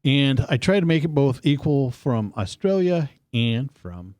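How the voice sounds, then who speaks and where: Animated man telling a story. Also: a little slow, no room sound, clean studio sound. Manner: animated storytelling, lively pitch swings. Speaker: co-host. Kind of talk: casual political radio chat. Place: studio.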